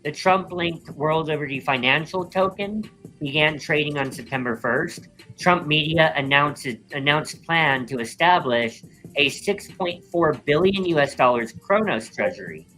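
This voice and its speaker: A man's voice: fairly high pitch, a little slow, pushed and bright, soft background music, low-quality recording. A man co-hosting a live crypto show, reading a sponsor roll-up in an easygoing way with many filler ums. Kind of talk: casual chat and ad read.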